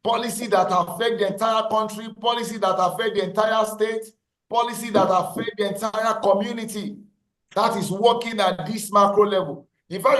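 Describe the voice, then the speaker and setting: Male lecturer on a video call, high voice, repeats points for emphasis. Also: a bit bright, reverberant, low-quality recording. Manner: repeats key phrases, asks class questions. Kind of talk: online class lecture.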